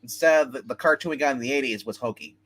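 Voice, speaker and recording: A man hosting a casual comic book chat, retelling stories in a rambling, animated way. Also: mid-range voice, fast, slightly rough. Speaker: comic book show host.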